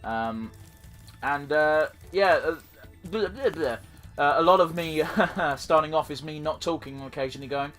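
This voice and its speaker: A man narrating his game in loose, rambling commentary, peppered with swearing and jokes at his own expense. His voice sits a bit higher than most men's, with faint music playing underneath. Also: moderate pace, fairly bright tone. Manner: rambling, profane, self-deprecating. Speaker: let's play host. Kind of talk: casual gameplay commentary.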